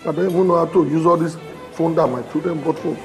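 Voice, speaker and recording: A man's voice: on the high side, fairly even intonation, fast talker, faint music behind, natural voice. An actor with a Nigerian accent playing a boisterous, old-fashioned Nigerian man in a restaurant comedy sketch who laughs a lot and takes offense easily.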